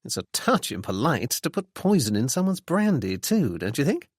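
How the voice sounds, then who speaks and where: A man doing a wry, teasing young gentleman. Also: medium pitch, big pitch swings, normal speed, husky, dry recording, pitched above the performer's own voice. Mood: ironic. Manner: dry, ironic, politely needling.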